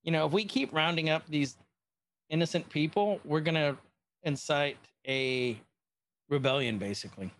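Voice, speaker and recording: A man's voice: fairly high pitch, moderate pace, natural voice. A man recapping as a stern imperial official.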